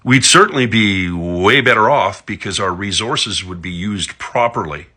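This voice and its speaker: A man from Alberta, Canada, a political commentator, goes off on politics in a sarcastic, profanity-laden monologue with big pitch swings. He has a sharp tone and sounds animated, keeping a measured pace.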